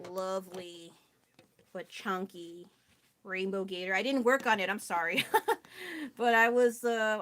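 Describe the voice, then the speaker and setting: A woman's voice: medium pitch, fairly bright tone, a little hiss or hum. Tired young woman rambling on stream. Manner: rambling, scattered, self-deprecating, laughs often. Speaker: artist live-streamer. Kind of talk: casual live-stream chat while painting.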